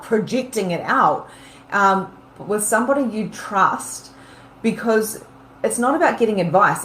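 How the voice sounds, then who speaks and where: Woman podcast host and coach, animated, roomy sound, faint hiss. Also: medium pitch. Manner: animated, acts out worried inner voices. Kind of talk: casual coaching monologue. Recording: roomy with faint background noise.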